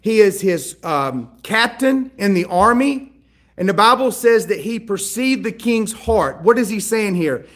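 High-voiced man preaching a story sermon. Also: animated, unhurried, a bit bright. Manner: conversational storytelling, checking in with the listeners. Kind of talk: sermon retelling a Bible story.

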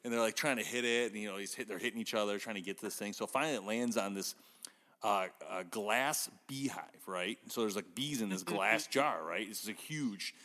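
A man hosting a podcast in casual chat, telling stories in an animated way. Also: on the low side, moderate pace, big-room sound. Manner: animated storytelling with laughs. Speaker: podcast host.

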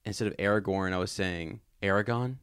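A man co-hosting a podcast, chatting about a book and reading passages aloud slowly and dramatically, laughing easily. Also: low voice, a bit bright, clear, resonant tone, dry recording, clean studio sound. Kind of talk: casual book discussion with read-aloud passages.

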